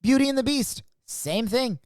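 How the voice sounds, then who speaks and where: A woman's voice: a little high, lively intonation, normal speed, darkish tone, no room sound, studio quality. A woman co-hosting a podcast in casual chat, chiming in with jokes and quips. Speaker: podcast co-host.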